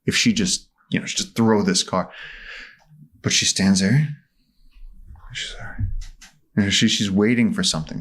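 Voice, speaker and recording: A man as a podcast guest, telling animated stories and acting out the voices in them. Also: low voice. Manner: vivid, acts out voices in his stories. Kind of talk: animated storytelling in conversation. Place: studio.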